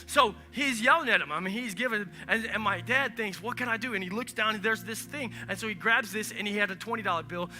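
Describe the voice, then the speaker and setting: A male pastor gives an animated sermon in a church, often turning to speak to the crowd. His voice sits very high and rings bright and sharp. Soft music plays faintly under him. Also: quick pace, hardly any pauses. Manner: animated, conversational preaching with asides to the congregation. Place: church sanctuary. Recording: live church stream with music.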